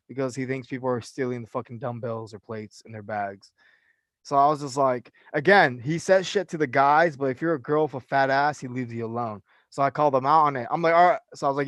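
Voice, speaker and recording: A man's voice: mid-range voice, a little fast, no echo. A young man from California, a personal trainer, telling a story in casual podcast chat with lots of fillers and swearing. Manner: animated storyteller, profane, many fillers.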